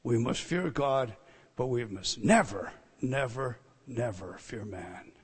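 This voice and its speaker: A man's voice: medium pitch, expressive, takes it slowly, husky. Emphatic older male preacher in a reverberant hall. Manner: emphatic, swings from hushed to loud, repeats phrases. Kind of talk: sermon. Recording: long reverb of a large hall.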